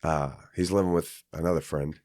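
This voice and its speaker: A man's voice: a bass voice, fairly even intonation, normal speed, darkish tone, no echo, studio quality. A man from Kansas, a podcast guest, telling a personal story in a rambling, casual way with many fillers and restarts.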